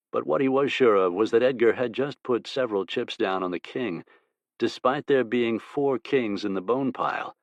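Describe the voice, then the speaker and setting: A man narrating an audiobook in a steady, measured way. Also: fairly low pitch, no echo.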